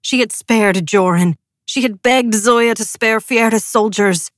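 A woman's voice: a little high, unhurried, no echo, clean studio sound. A woman narrating an audiobook with emotive, dramatic delivery. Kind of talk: scripted narration.

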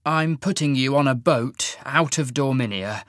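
A man voicing a weary, self-sacrificing male mage in an audiobook, speaking slowly and holding back emotion. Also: medium pitch, fairly bright tone, dry recording, studio quality, close to an everyday voice. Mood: sorrowful. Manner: slow and restrained.

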